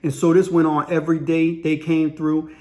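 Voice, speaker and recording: A man's voice: on the high side, little pitch movement, moderate pace, dark tone. A man telling a story in a rambling, slangy way, full of fillers. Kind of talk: casual spoken storytelling.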